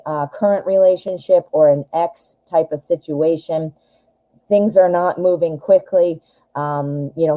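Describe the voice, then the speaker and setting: A woman with a low-pitched, mellow voice gives a casual pick-a-card tarot reading, chatting to the viewer directly and offering advice with plenty of fillers. The audio quality is poor.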